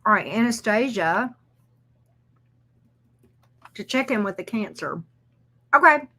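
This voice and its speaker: A woman's voice: medium pitch, expressive, takes it slowly, bright, forceful tone. A woman, chatting casually while she gives tarot readings on a livestream, loose and joking. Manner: chatty and loose, laughs and swears, talks to chat and her pets.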